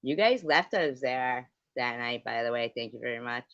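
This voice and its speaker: A middle-aged woman with an extremely low, expressive voice hosts a livestream at normal speed, chatting casually, telling stories, and answering viewers while laughing a lot and cursing freely. The stream audio from her computer mic is dry, dull, lo-fi, and without echo.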